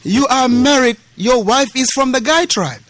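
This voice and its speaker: An Islamic lecturer from West Africa gives a mosque lesson explaining a classical text, speaking with extreme high pitch at a measured pace, a slightly bright tone and a dry recording. He is emphatic, repeats key phrases, mixes street slang with Arabic terms, and acts out the quoted dialogue.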